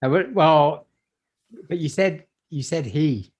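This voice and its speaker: A man's voice: fairly high pitch, slow. A man co-hosting a comedy podcast with dry, punning banter. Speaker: podcast co-host. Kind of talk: casual comedy chat.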